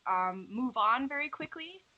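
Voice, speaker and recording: A young woman from the Netherlands, an illustrator being interviewed, talking in a relaxed, reflective way with frequent fillers. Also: fairly high pitch, measured pace. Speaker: illustrator and animator guest. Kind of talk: interview conversation. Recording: dull lo-fi audio.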